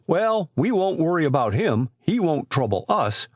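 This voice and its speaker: A man's voice: fairly high pitch, very animated, a little slow, husky, no room sound, full character voice. A man reading aloud, voicing an eager teenage boy in an audiobook. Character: excitable teenage boy, younger brother.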